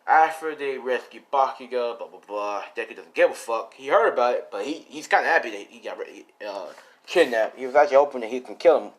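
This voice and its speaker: A man's voice: mid-range voice, lively intonation, brisk. Rambling young man telling a fan story. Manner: rambling, casual, swears a lot, many fillers. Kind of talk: improvised fan-fiction storytelling.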